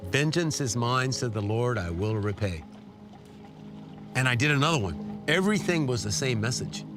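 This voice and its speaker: Middle-aged guy, interview guest, heartfelt testimony, normal pitch, voice jumps up when he gets emotional, soft music under it. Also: lively intonation, normal speed. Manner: emotional, earnest storytelling with sudden rises in pitch. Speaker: guest telling a war story. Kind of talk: personal testimony.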